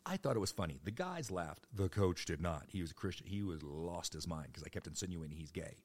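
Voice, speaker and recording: A man's voice: low-pitched, expressive, brisk. A man in his fifties telling stories from his youth in a rambling, joking way, with the odd swear. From United States. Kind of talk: personal storytelling monologue.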